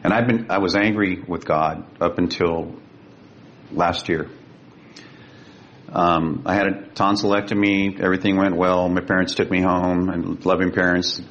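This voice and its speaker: A man with a gravelly voice, a guest telling a personal story in an earnest, vivid way. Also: level tone, moderate pace, fairly bright tone. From Sacramento, California. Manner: earnest, vivid, emotional retelling. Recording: dull lo-fi with faint rumble.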